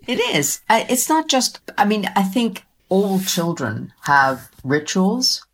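A woman's voice: mid-range voice, sing-song, takes it slowly, slight background noise. A middle-aged woman, a children's author, talking thoughtfully about her writing in a casual interview. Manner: thoughtful, reflective, with fillers.

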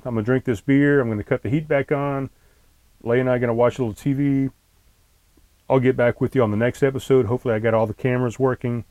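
A man talks loosely and crankily on his own podcast, swearing often and drifting between topics, from inside a camper trailer with a laptop on a tray in front of him doing the recording. He has a lowish, slightly mellow voice, and there is no echo.

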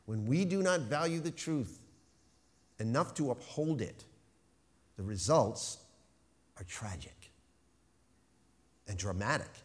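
A man preaching a sermon, stressing key words with slow, emphatic phrasing. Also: medium pitch, animated. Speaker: pastor.

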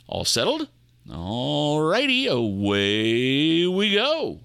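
Man hosting a spooky ride show, low showman voice, bright edge, big swoops in pitch. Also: wildly swooping pitch, very slow, vocal fry, smooth. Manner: low, theatrical showman delivery. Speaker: host and narrator of an audio fiction show. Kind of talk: theatrical spooky host narration.

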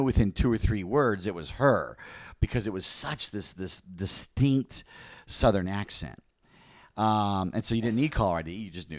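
Low-voiced man teaching casually. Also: no echo. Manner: animated storyteller with many restarts. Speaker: church teacher and co-host.

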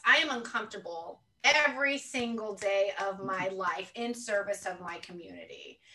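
Earnest and reflective, a woman thinks out loud as a guest on an interview podcast, frequently adding "right?" as she talks. Her voice is on the high side, pushed and bright, and she sits far from the mic on poor audio.

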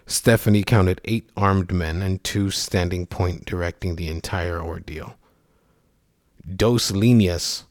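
Deep-voiced male story narrator. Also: dry recording, studio quality. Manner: measured, somber.

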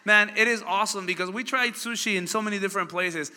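Male pastor, bright forceful voice, lively storytelling sermon with a long hall reverb. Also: high voice, quick pace. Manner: animated storytelling, asks the crowd questions. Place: church hall.

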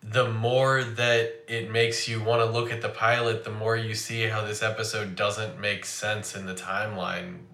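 Young male co-host, low-ish, bright and edgy, dry critic; roomy echo. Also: level tone, measured pace, few pauses. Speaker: podcast co-host. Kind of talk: casual chat.

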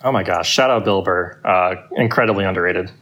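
A man's voice: sits low, brisk, a bit bright. A man guesting on a podcast, chatting casually and easily during a beer review.

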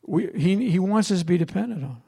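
Gravelly storytelling preacher man. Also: high voice, animated, quick pace, warm tone. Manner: conversational storytelling preacher, asks the congregation questions. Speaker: pastor. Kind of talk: sermon.

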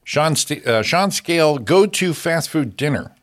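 A man hosting a morning radio show, chatting in a relaxed, blunt way and steering the talk to the next segment. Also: a little high, measured pace. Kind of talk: casual radio chat.

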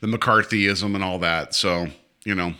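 A man co-hosting a casual film podcast, rambling and animated, with many restarts and asides. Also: deep voice, unhurried, smooth. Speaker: podcast co-host. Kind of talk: casual chat about films.

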